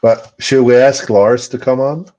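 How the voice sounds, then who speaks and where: A man's voice: mid-range voice, steady tone, a little slow, mellow. A man joining a livestream as a guest, asking teasing, curious questions. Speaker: guest on call. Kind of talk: casual livestream chat.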